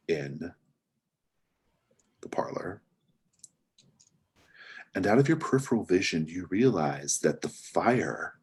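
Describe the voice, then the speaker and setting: A man narrating a tabletop mystery game as game master, relaxed and hesitant, with many fillers. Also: deep voice, slightly rough.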